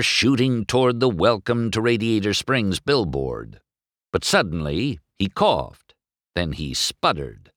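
A man reading a children's storybook aloud, expressive and deliberate. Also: low voice, no room sound, clean studio sound. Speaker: narrator.

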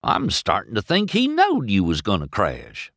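A man's voice: lowish voice, wildly swooping pitch, moderate pace, vocal fry, fairly bright tone, no echo, studio quality, exaggerated voice. Fields: Mater, a man doing a drawling rusty tow truck. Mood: easygoing. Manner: country drawl, bad grammar. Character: folksy goofy male rusty tow truck.

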